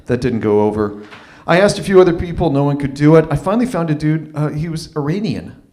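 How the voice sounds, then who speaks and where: A man's voice: on the high side, fast talker. Man telling a personal story at an open mic. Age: 30s. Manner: animated, acts out quoted voices. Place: live open mic venue.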